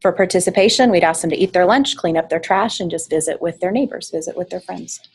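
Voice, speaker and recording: A woman's voice: fairly low pitch, fast talker, slightly rough, low-quality recording. A woman coordinating volunteers, giving a practical training talk with frequent fillers, speaking to a room and an online meeting. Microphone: online meeting mic, at varying distance.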